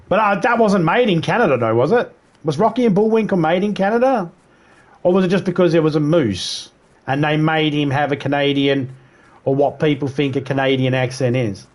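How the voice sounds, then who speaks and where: An Australian man livestreaming, chatting casually with viewers in a rambling way, swearing freely and mimicking accents. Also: mid-range voice. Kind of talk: casual chat.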